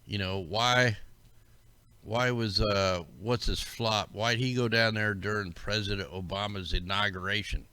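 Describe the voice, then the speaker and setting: A man's voice: on the low side, fairly even intonation, unhurried, pushed and bright, no echo. A man hosting a livestream, rambling casually and conspiratorially as he talks through maps and greets his viewers. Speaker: livestream host. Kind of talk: casual commentary over maps.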